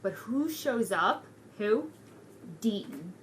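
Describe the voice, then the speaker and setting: A young woman talks through a TV episode in a loose, gushing recap. She is excitable and swears freely, with a faint hiss of noise behind her. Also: mid-range voice, takes it slowly. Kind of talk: casual recap vlog.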